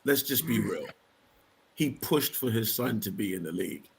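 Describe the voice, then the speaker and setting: A man's voice: on the low side, lively intonation, normal speed, creaky, slight background noise. A man, a bishop on a sports panel, making his case emphatically in a heated casual debate and insisting on finishing his point.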